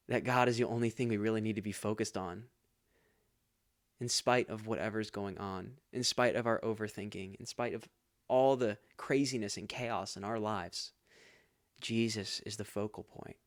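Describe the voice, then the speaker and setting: A man's voice: on the low side, steady tone, normal speed, dry recording, clean studio sound. A man hosting a faith podcast, talking earnestly and casually and laughing often. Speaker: podcast host.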